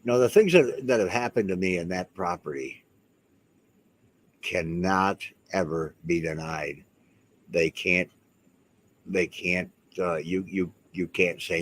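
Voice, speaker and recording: A man's voice: low voice, takes it slowly, pauses often, a little hiss or hum. A man talking casually to the camera as a vlogger, rambling and emphatic, often restarting his sentences. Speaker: house owner and vlogger.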